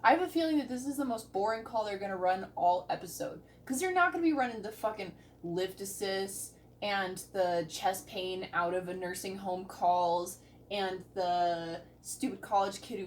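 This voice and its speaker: A young woman paramedic reacting to a TV show in blunt, sarcastic casual commentary, swearing often. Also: medium pitch. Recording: distant mic with faint noise.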